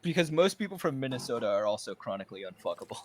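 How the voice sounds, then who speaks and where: A man's voice: mid-range voice, big pitch swings, rapid-fire, slight background noise. A man co-hosting a gaming podcast in casual chat, rambling and joking crudely. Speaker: podcast co-host.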